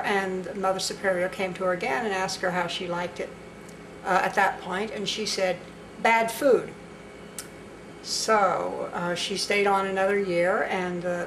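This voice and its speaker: A woman's voice: mid-range voice, low-quality recording. A woman telling a nun joke in an easygoing, conversational way, stopping now and then with small fillers. Faint room noise sits behind her. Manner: casual, with fillers and a little laughter. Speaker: joke teller. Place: local public access TV studio.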